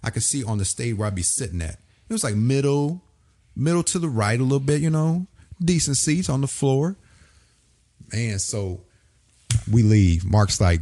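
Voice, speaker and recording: A man from Springfield, Illinois, telling a lively story in casual talk and acting out the voices of the people in it. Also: mid-range voice, moderate pace, dry recording, studio quality. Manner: animated storyteller, acts out quoted voices. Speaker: podcast guest.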